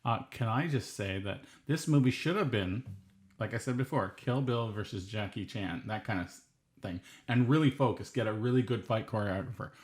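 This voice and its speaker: A man co-hosting a casual film review podcast, easygoing and quick to laugh. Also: lowish voice. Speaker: podcast co-host.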